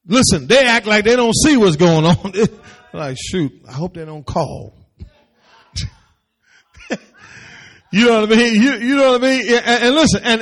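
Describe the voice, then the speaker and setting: A man preaching a sermon in church, animated, repeating phrases and building up to shouts. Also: high-pitched. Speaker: pastor. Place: church service.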